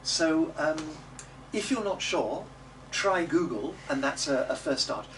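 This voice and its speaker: A male music teacher with a fairly high, very lively voice, coaching a class. He sounds off the microphone, and a clear hum of room ambience runs under his speech. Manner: coaching, models words slowly and loudly for the group to repeat. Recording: distant mic with noisy room ambience.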